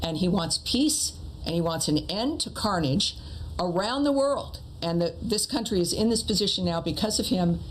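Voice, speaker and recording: Woman, lowish voice, earnest news-interview answers, faint background noise. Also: lively intonation, moderate pace, rough recording. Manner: earnest, hesitant with fillers. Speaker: political guest on a news broadcast.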